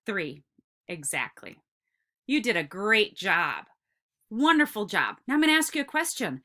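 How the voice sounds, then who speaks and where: A woman teaching a recorded kindergarten lesson, speaking slowly and encouragingly and drawing out words for young children. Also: medium pitch, big pitch swings, bright, forceful tone.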